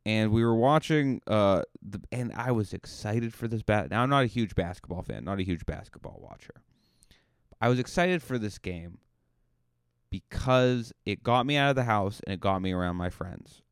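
Low-voiced joking podcast man. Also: animated, moderate pace, smooth, no room sound, clean studio sound. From Cape Cod, Massachusetts. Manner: joking, rambling, self-deprecating. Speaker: podcast host. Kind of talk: comedic monologue.

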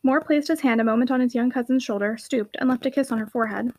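A woman reading a classic novel aloud as an audiobook narrator, with steady, expressive storytelling. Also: a little high, fast, poor audio.

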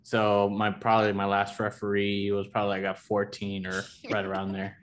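Man, young adult, low-ish voice, casual chat, rambling, restarts a lot. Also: completely flat delivery, moderate pace. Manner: easygoing, rambling with restarts and fillers. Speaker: dance dad, podcast guest.

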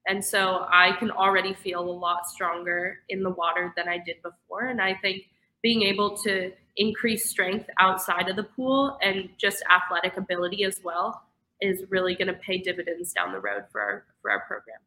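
Bright young woman athlete. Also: on the low side, moderate pace, poor audio. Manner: earnest, explains step by step. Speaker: swimmer on a team. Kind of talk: casual interview answers.

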